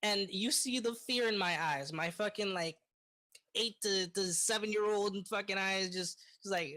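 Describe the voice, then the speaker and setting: A young woman co-hosting a podcast, telling a childhood story in a relaxed, casual way, with frequent tag questions and swearing. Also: medium pitch, unhurried. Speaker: podcast co-host. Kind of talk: casual chat.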